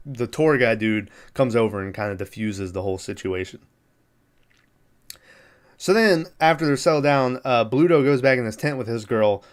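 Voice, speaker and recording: Man, podcast host, casual film recap, rambling, laughs and acts out lines, mid pitch. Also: clear, resonant tone.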